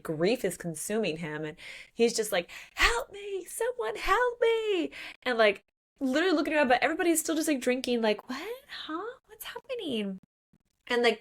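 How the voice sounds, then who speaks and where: Co-hosting a book podcast, a woman with a mid-range, slightly bright voice recounts a plot in casual conversation. She performs the characters' dialogue and leans heavily on "like" as a filler.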